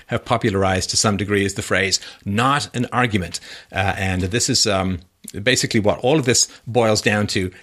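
Sarcastic male political commentator. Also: fairly bright tone. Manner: mocking, swings into high quoted voices. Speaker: podcast host.

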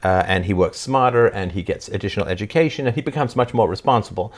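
Talking fast in a fairly low voice, a father hosts a laid-back chat with his daughter, reading comments aloud. His tone is joking and teasing with frequent laughter, though he drifts into rambling, lecture-like tangents.

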